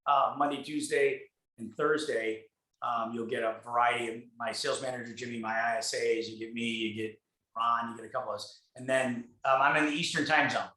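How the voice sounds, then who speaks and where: A man from Michigan talking shop in a bright, forceful voice, blunt and quick to swear. He acts out both sides of conversations as he tells his stories, and the sound carries a roomy echo. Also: medium pitch, steady tone. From Michigan, USA. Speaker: guest speaker, real estate team leader. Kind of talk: casual conversational storytelling on a video call.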